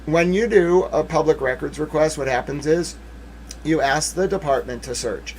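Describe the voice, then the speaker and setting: Man, casual legal commentary, animated, jokey, slightly raised pitch, faint hiss. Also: moderate pace, gravelly. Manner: animated, rambling, jokey asides and mock voices. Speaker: commentary streamer.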